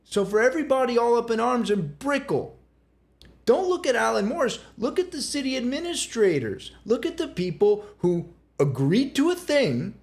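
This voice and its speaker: A man co-hosting a casual podcast chat, an animated storyteller who talks bluntly and swears freely. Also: extremely high pitch, normal speed. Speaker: real estate agent co-host.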